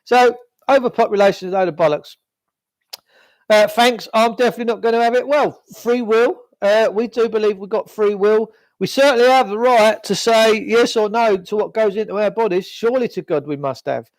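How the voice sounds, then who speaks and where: A man's voice: sits high, brisk, no room sound. A man hosting a live stream, talking bluntly and ranting in a rambling, sweary way. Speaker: livestream host.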